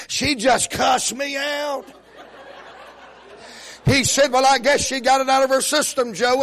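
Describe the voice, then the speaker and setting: An older man delivers a sermon in a strikingly high voice. He takes his time, drawling out folksy jokes and stories. Now and then he builds up to shouted praise. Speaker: pastor. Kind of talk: humorous sermon with storytelling.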